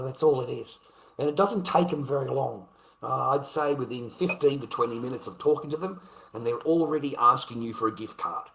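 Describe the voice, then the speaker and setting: Aussie bloke ranting to camera, swears a lot, says everything twice, mid pitch voice. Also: male voice, fairly bright tone, slight background noise, low-quality recording. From Australia. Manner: blunt and heavily profane, repeats himself for emphasis. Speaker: vlogger. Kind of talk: casual ranting monologue.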